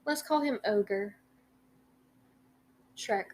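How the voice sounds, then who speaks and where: Young woman, podcast co-host, casual storytelling, rambling with fillers, swears freely, voice of middling pitch for a woman. Her talk wanders and restarts mid-sentence. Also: extremely slow, darkish tone, slight background noise. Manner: rambling, many ums and likes, swears freely.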